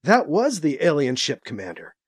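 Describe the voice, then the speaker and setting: Calm woman officer, voiced by a man, factual report. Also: on the high side, normal speed, slightly rough, dry recording, studio quality, full character voice. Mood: measured.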